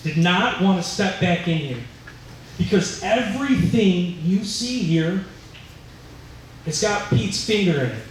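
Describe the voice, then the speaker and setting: At a fire training center dedication, a fairly high-voiced firefighter takes his time telling firehouse stories with lively intonation, voicing the other people in his quotes. The sound is distant and very echoey in the large indoor hall, with faint noise underneath.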